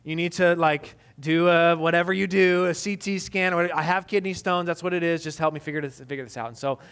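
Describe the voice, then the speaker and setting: High-voiced man preaching casually. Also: fairly even intonation, quick pace, fairly bright tone, clear, resonant tone. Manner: conversational, self-deprecating, many fillers. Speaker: pastor. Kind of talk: casual storytelling sermon.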